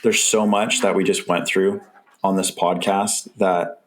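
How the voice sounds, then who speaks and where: A man's voice: sits low, flat delivery, unhurried, a crowd in the background. A man hosting a podcast interview, speaking in a conversational, encouraging way. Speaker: podcast host. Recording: noisy podcast recording.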